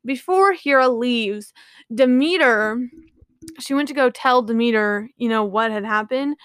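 A woman's voice: fairly high pitch, unhurried, fairly bright tone, clean tone, no room sound. Woman, podcast host, casual book retelling, rambling, apologetic, dry close sound. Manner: rambling, filler-heavy, often apologizing.

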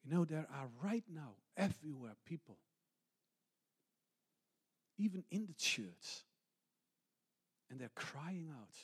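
A man who is a pastor and missionary preaches a testimony sermon, shifting between loud passages and hushed, almost whispered ones, with slightly non-native English phrasing. His husky voice is on the high side and expressive, slow-paced with frequent pauses.

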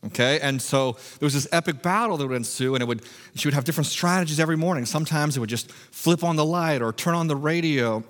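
A man preaching a sermon in a humorous, animated, self-mocking way. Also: fairly high pitch, fast, big-room sound. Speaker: pastor.

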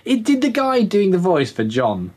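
A man's voice: high voice, huge pitch swings, moderate pace. A man co-hosting a casual chat, musing aloud and tagging questions onto his points. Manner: chatty, musing, tag questions. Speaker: podcast co-host.

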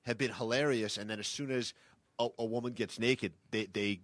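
A man's voice: mid-range voice, fairly even intonation, normal speed, fairly bright tone, no echo. A man chatting as a guest radio host in a casual podcast, loose and rambling with crude humor.

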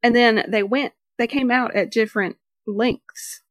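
A woman's voice: fairly high pitch, fairly even intonation, a little slow, no room sound, studio quality. A woman co-hosting a casual podcast, chatty and picky about details, reading summaries aloud. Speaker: podcast co-host. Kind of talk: casual chat.

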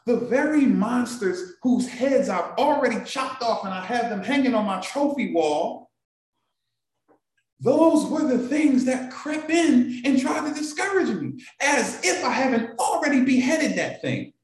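A man's voice: extremely high pitch, big pitch swings, measured pace. A man hosting a morning show, giving an emotional motivational talk to a live audience and repeating phrases for emphasis. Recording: very echoey room.

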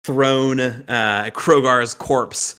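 Man game master, unhurried, vivid scene-setting, bright tone. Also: medium pitch, steady tone, clear, resonant tone. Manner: vivid descriptive narration with fillers. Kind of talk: narrating a tabletop game.

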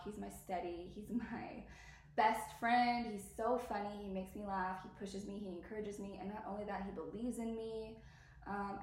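A woman's voice: mid-range voice, roomy sound. A woman in her thirties hosting a podcast, chatting candidly and rambling, swearing freely, her throat irritated by allergies. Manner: rambling, confiding, swears freely, talks straight to listeners. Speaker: podcast host. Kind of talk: candid casual chat.

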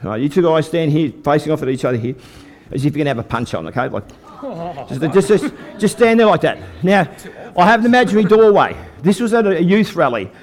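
A man's voice: on the high side, fast. An older Australian man telling a folksy faith story as a preacher to a live church audience. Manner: folksy storytelling, lively with the crowd. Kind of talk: testimony sermon.

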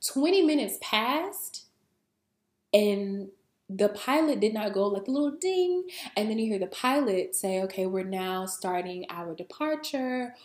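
Animated, slangy woman in an echoey room. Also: a little high, takes it slowly. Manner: animated, slangy, swears, laughs often. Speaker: podcast host and spiritual coach. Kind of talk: casual storytelling podcast. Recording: roomy echo.

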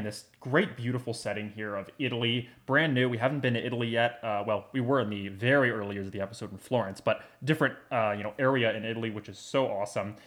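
A man's voice: on the low side, a bit bright. A man co-hosting a podcast in casual chat, enthusiastic and rambling with lots of fillers. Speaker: podcast co-host.

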